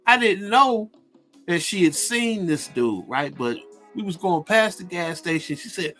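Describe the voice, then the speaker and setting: A man hosting a radio show, telling a street story in a laid-back, crude and boastful way, with halting restarts. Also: sits high, sing-song, sharp tone, soft background music. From Ohio. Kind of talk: casual profane storytelling.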